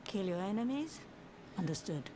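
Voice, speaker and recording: A woman's voice: medium pitch, big pitch swings, moderate pace, dark tone, close to an everyday voice. A woman voicing a stern, obedient female warrior unit in a game, with a clipped, accented delivery. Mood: clipped, dutiful. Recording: game audio with noise.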